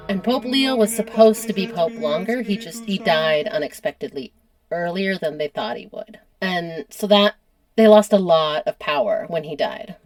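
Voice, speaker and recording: Chatty American woman podcast host. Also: medium pitch. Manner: chatty storyteller, laughs often. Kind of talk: casual history podcast chat.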